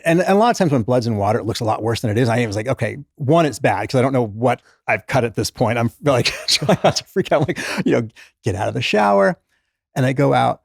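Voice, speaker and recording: Fast-talking gravelly middle-aged man. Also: mid-range voice, dry recording, clean studio sound. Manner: animated, self-deprecating, lots of restarts and quoted inner thoughts. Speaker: guest author, former doctor. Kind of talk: casual interview storytelling.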